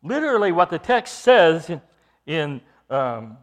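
A man's voice: a little high, very animated, unhurried. A man preaching an expository sermon, explaining scripture verse by verse with emphatic delivery.

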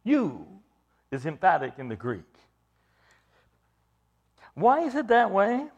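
A man's voice: high voice, wildly swooping pitch, slow, vocal fry, muffled recording. A man preaching an expository sermon, emphatic, repeating phrases for stress and putting questions to his listeners.

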